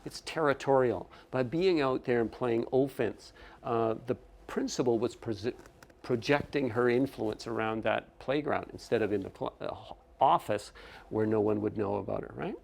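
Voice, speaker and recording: A man lecturing new teachers on running a classroom, his mid-pitched voice carrying a gravelly edge. He explains step by step and keeps asking "okay?" to check that his listeners follow. He often breaks off to restart a phrase. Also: moderate pace, darkish tone. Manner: frequent restarts and self-corrections. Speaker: teacher trainer.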